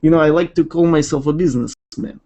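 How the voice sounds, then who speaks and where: A man's voice: a little high, quick pace, dark tone, lightly acted. A man playing a boastful male mobster who calls himself a businessman, rambling and punning.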